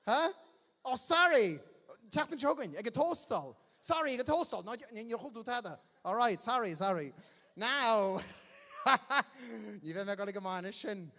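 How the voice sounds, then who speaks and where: A man's voice: high-pitched, big pitch swings, moderate pace, pushed and bright. A man with an Irish accent hosting a raffle on stage, joking and mixing Irish and English. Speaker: event host running a raffle. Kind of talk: bilingual stage announcing. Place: large indoor hall. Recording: echoey hall on a PA.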